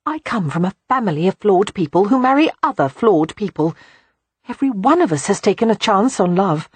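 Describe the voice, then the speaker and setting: A man voicing a spirited young Regency woman who pleads with urgent earnestness, in a husky, dry audiobook read. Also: extremely high pitch, big pitch swings, a little slow, no room sound, voice pushed up, exaggerated voice. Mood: insistent.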